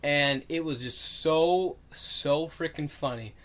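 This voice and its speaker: A man's voice: a little high, slow, a bit bright. A young man telling a story in casual chat, rambling with lots of fillers and acting out what people said. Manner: rambling, lots of "like" and "um", acts out quotes.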